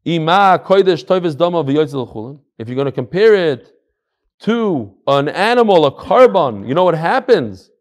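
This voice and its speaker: Brief: male Torah teacher, fairly high voice, lively storyteller who repeats phrases to drive a point home. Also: moderate pace. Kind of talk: Talmud class with stories.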